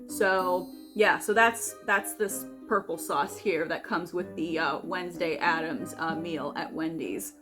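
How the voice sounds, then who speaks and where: A woman's voice: fairly low pitch, a little slow, hardly any pauses. Rambling young woman vlogging, music behind. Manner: rambling, many fillers and restarts. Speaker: vlogger and host. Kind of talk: casual food vlog chat.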